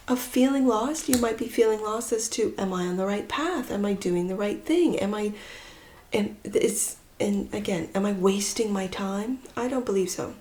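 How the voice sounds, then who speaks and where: Slow, musing woman reading tarot. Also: mid-range voice. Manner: slow, musing, with soft trailing phrases. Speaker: tarot reader. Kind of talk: pick-a-card tarot reading.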